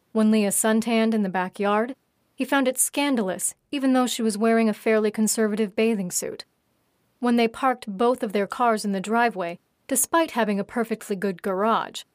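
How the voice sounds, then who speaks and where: A woman narrating her own story in a steady, even reading voice. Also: mid-range voice, dry recording, clean studio sound. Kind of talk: audiobook narration.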